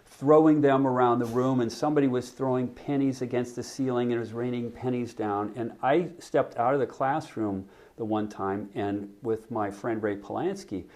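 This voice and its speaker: A man in his sixties, a podcast guest, telling an animated anecdote in casual chat with frequent restarts. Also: mid-range voice, normal speed. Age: 60s. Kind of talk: casual storytelling.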